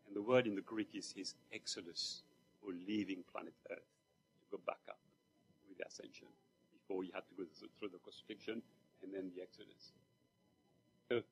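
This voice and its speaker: A man's voice: fairly low pitch, vocal fry, slight background noise. A man from Mauritius, preaching a sermon in church in a conversational storytelling way, with asides to the congregation. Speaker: lay preacher.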